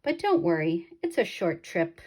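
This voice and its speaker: A woman voicing a smooth-talking male circus showman who coaxes in an overly polite way. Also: medium pitch, very animated, moderate pace, dark tone.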